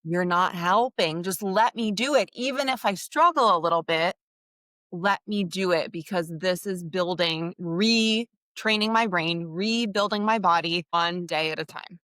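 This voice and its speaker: A woman's voice: fairly low pitch, unhurried, fairly bright tone, no room sound, studio quality. A woman hosting a podcast interview, talking frankly and expressively and acting out the exchanges she describes. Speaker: podcast host. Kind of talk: candid conversational interview.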